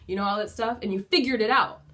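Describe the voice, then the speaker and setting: A chatty woman speaks to camera from her home, sharing candid advice as a mother. Her talk is loose and conversational, sprinkled with "like" and the occasional swear word. She sounds like a relaxed motivational vlog. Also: mid-range voice, fast. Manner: chatty and candid, casual swearing, many fillers like "like". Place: at home indoors.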